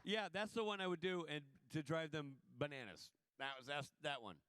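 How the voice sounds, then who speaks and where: A man's voice: on the high side, a little fast, clear, resonant tone, no room sound. Jokey Southern-born man on a panel. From American South. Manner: animated storyteller, jokey, acts out voices. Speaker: panel guest and TV director. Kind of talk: casual convention panel Q&A. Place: convention hall stage.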